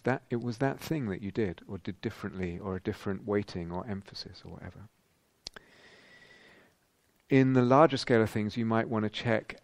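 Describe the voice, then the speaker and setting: A man giving a thoughtful dharma talk as a meditation teacher at a retreat, pausing and restarting as he searches for words. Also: on the low side, creaky, darkish tone, no echo. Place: retreat centre meditation hall.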